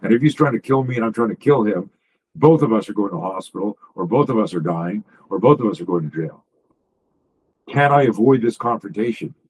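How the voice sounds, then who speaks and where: A man's voice: fairly low pitch, a little mellow, breathy edge, rough recording. A man, a self-defense coach, talking as a guest in a casual podcast conversation, emphatic and profane, piling up stories and restarting sentences.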